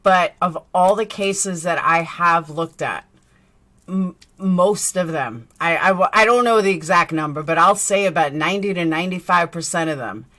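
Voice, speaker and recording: A woman's voice: lowish voice, moderate pace, bright, forceful tone. A woman commentating on a video, speaking emphatically and repeating phrases for stress. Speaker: YouTube commentator. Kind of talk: commentary on a case.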